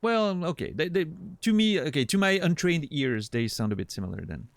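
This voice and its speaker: A man streaming a game, chatting casually with a deadpan sense of humor and thinking out loud. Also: on the high side, a little fast, dry recording. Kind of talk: casual gameplay commentary.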